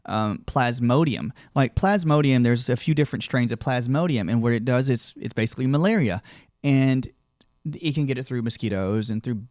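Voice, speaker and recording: A man's voice: mid-range voice, normal speed, a little mellow, dry recording, studio quality. A man hosting a podcast, a doctor who chats casually and asks long, rambling questions. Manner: rambling questions, frequent affirming backchannels. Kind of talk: casual interview chat.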